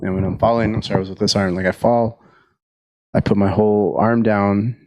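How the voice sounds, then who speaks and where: A man's voice: fairly low pitch, little pitch movement, brisk, a little mellow, muffled recording. A man in casual podcast chat, telling a rambling, profane, laid-back story.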